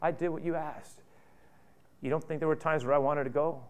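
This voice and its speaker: A man's voice: a little high, fairly even intonation, a little fast, natural voice. A man doing a bitter resentful older brother. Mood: indignant. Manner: indignant, rising to loud outbursts.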